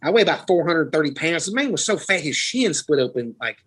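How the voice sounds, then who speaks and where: Man, podcast host, lively swooping delivery, slightly high voice, profane rambling tales. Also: a little fast, slightly rough, low-quality recording. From Florida, US. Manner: rambling, profane, laughing storyteller. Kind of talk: casual storytelling chat.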